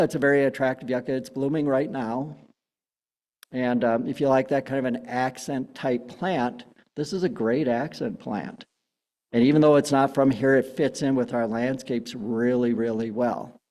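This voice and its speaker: A man's voice: medium pitch, a little mellow. A man giving a casual public talk on plants, chatty with many fillers and restarts. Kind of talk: public gardening talk with slides. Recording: long hall reverb.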